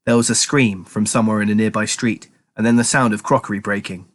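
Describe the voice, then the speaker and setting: A man's voice: lowish voice, fairly even intonation, quick pace. A man narrating a children's chapter book aloud as a teacher, telling the story expressively.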